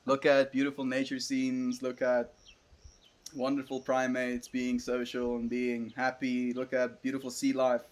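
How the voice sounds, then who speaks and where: A man's voice: medium pitch, unhurried, slight background noise. South african man chatting on a livestream. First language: Afrikaans. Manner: relaxed, musing, chatty. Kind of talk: casual livestream chat, reading and answering viewer comments.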